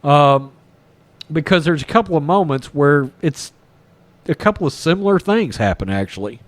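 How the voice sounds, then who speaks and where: Animated man rambling through a plot. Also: a little high, normal speed, no echo. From East Texas. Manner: rambling, animated, swears freely, acts out character lines. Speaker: podcast host reviewing a film. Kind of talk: casual profane retelling of a movie plot.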